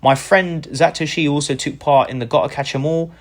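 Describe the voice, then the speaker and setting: Speaking fairly quickly with a slightly high pitch, a British man who creates content tells his story during an interview. His tone is eager and grateful, and he acts out what other people said in lively voices.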